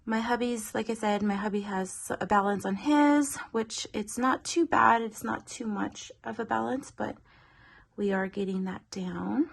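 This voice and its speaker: A woman's voice: on the high side, a little slow, vocal fry. A young pregnant woman, a little out of breath, chatting casually through her family's monthly budget with many fillers. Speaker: budgeting vlogger.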